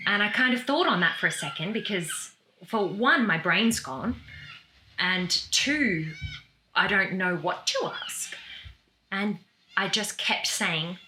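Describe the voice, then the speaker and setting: A woman's voice: mid-range voice, animated, slow pace, pushed and bright. A woman talking as a guest, earnestly and emotionally recounting a personal experience, often restarting her sentences. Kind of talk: casual conversation, personal account.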